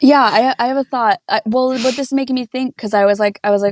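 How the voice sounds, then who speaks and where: A woman's voice: on the high side, steady tone, quick pace, hardly any pauses, no echo, studio quality. A woman narrator co-hosting a podcast, thinking aloud in a thoughtful, reflective way.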